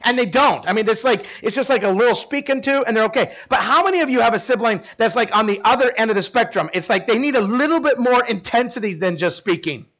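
A man's voice: very high-pitched, expressive, fast talker, few pauses, fairly bright tone. A male pastor preaching a casual, conversational sermon to a live congregation, often quizzing the listeners and leaning on fillers like "like.". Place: church service before a live congregation.

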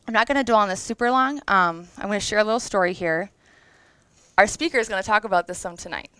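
A woman's voice: medium pitch, fast talker, sharp tone, smooth, no room sound, poor audio. A woman in her thirties giving a conversational, earnest devotional talk to an audience, emotional at times. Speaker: women's event speaker.

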